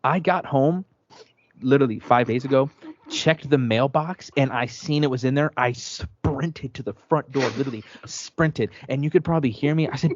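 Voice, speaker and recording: A man's voice: mid-range voice, moderate pace. Man ranting hard on a podcast. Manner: profane, heated ranting storyteller. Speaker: podcast host. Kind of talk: casual sports podcast rant. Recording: dry, dull lo-fi sound.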